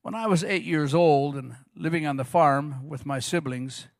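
A middle-aged male pastor preaching a sermon, telling stories with animated quoted voices. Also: fairly high pitch, moderate pace, gravelly, no room sound, clean studio sound. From Arizona.

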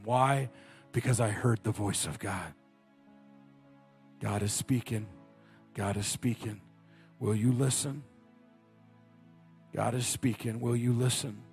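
A man's voice: medium pitch, a little mellow. A man preaching a sermon, telling a personal story and building to passionate appeals.

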